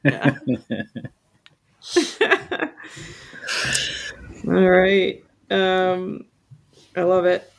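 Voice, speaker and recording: A woman's voice: fairly low pitch, animated, extremely slow, pauses often. A woman hosting a casual podcast chat, prompting the others with questions. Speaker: podcast host.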